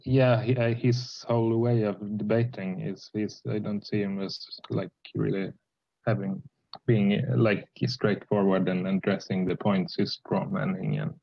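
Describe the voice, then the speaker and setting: Gravelly Swedish-accented man, hesitant. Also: on the low side, steady tone, muffled recording. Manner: halting, hesitant, many restarts and fillers. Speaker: debate participant on a voice call. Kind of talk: casual political debate.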